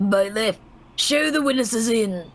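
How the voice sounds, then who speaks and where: A woman reading courtroom dialogue from a game aloud in a measured, formal way. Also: a little high, lively intonation, over music.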